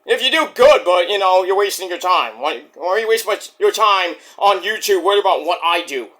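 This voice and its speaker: A male wrestling vlogger delivers an angry, foul-mouthed rant at his critics, repeating himself as he goes. His voice is high and bright, and it swings widely in pitch. He sounds combative from start to finish. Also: animated, brisk. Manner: profane, combative, repetitive. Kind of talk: angry profane rant to the camera.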